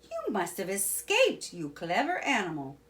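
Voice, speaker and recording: A woman voicing an eager, cheerful little male mole in a children's storybook, with squealing excitement. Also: mid-range voice, a little slow.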